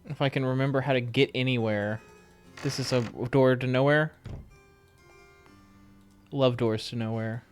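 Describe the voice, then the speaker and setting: A man's voice: mid-range voice, fairly even intonation, a little slow, pauses often, soft background music. A man streaming a game, keeping up a dry running commentary and talking back to the game. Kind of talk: casual live-stream gameplay chat.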